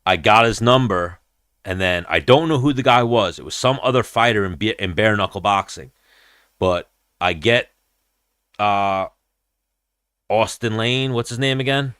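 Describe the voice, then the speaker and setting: A man's voice: fairly low pitch, a bit bright, clean tone, dry recording, clean studio sound. A young man hosting a podcast, telling a long, profane story in casual chat and acting out the people in it. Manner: rambling, profane, acts out quoted voices. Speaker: podcast host.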